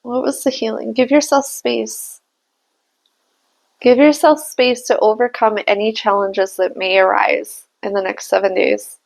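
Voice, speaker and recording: A woman's voice: fairly high pitch, fairly even intonation, a little slow, creaky, low-quality recording. A young adult woman giving a casual spiritual tarot reading, musing aloud and laughing at herself. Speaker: tarot reader and channeler.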